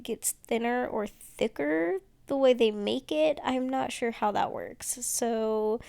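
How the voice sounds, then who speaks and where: A woman with a fairly high voice rambles through a nail tutorial at an unhurried pace. She sounds tired and keeps stopping for fillers and restarts. Her voice has a lot of vocal fry, recorded dry with no room sound. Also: a little mellow, no echo. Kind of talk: casual tutorial chat while doing nails.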